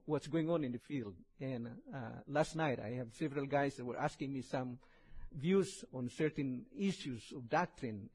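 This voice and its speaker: A man with a strong Indonesian accent preaching in a church, chatting and joking before he reads scripture slowly. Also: mid-range voice, a little mellow, rough recording. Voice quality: husky, heavily accented English. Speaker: visiting preacher. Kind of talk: sermon.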